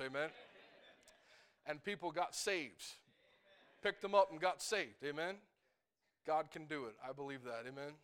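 A man's voice: on the high side, fairly bright tone, clear, resonant tone. A middle-aged man preaching a fervent sermon, repeatedly calling out "Amen?" to his congregation.

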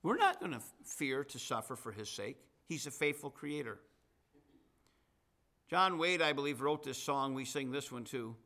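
A man's voice: medium pitch, lively intonation, moderate pace, sharp tone. A middle-aged man preaching a sermon to his congregation, mixing scripture with chatty asides and folksy humor. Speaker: pastor.

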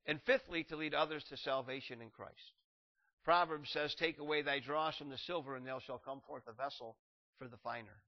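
Male pastor, sermon delivery, reads scripture, builds to emphatic peaks, dull recording. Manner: rises in pitch and volume to drive points home; reads scripture aloud in King James wording. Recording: muffled lo-fi recording.

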